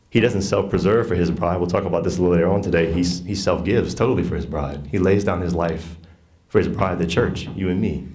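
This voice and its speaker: A man's voice: low-pitched, darkish tone. A man in his thirties or forties with a Southern US accent, teaching a group in an earnest, folksy, conversational way and often checking in with "right?". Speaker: catechist teaching a workshop on faith and marriage.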